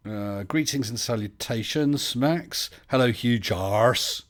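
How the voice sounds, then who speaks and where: A man's voice: medium pitch, slow pace. A man, hosting a casual live stream and chatting his way through viewer comments with lots of fillers and restarts.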